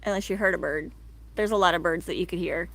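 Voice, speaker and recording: A woman's voice: fairly low pitch, quick pace, a bit bright. Chatty woman rambling on a live stream. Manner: rambling, chatty, laughs often, many fillers. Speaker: live stream host, tortoise owner. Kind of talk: casual live stream chat. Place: outdoors in a backyard.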